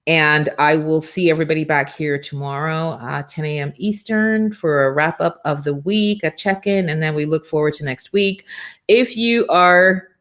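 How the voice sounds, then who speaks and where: Woman host, middle-aged, motivational livestream talk, energetic and preachy, slightly low voice. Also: normal speed. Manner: energetic, preachy, acts out quotes with shifting voice. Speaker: morning show host.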